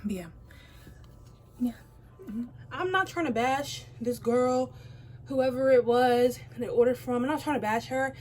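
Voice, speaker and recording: A talkative teenage girl tells a story in a loose, rambling way, breaking off into asides and apologies as she goes. Her voice sits a little high, with a faint hiss of room noise behind her. It sounds like a casual home makeup vlog. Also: a little slow, pauses often, a little mellow. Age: teens. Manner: rambling, chatty, self-interrupting. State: out of breath. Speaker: beauty vlogger. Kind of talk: casual storytime chat while doing makeup. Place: home, by a window.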